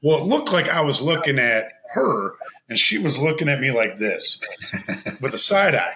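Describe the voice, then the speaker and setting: A man spins an animated anecdote in casual podcast chat, his bright voice swinging up and down in pitch. He laughs and acts out the people in his story. A faint hiss sits under the recording. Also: normal speed, poor audio. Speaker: podcast guest.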